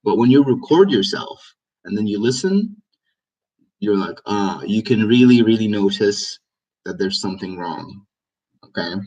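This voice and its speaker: Male teacher, lowish voice, casual live lesson, mic at a distance. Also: lively intonation, normal speed, pauses often, dark tone, breathy edge, muffled recording. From Egypt. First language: Egyptian Arabic. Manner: explanatory, repeats words for emphasis. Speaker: language teacher.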